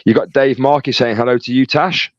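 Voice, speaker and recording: A man's voice: medium pitch, fairly even intonation, fairly quick, no room sound, lo-fi sound. A man co-hosting a casual livestream, reading out chat messages in a jokey, chatty way. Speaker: co-host reading live chat.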